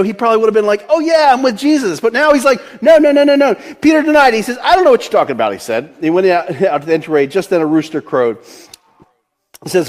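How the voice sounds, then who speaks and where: A man in his forties with a Delaware accent, a pastor giving a casual, conversational sermon, laughing often and restarting his sentences. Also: high-pitched. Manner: chatty, laughs often, many restarts and fillers.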